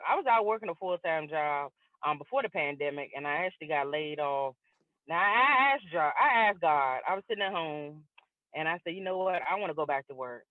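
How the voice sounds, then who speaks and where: A woman's voice: sits low, no echo. A middle-aged woman comedian doing a stand-up set over a video call, telling stories and acting out both sides of each conversation. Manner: lively storyteller acting out both sides of dialogues. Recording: tinny dry video-call audio.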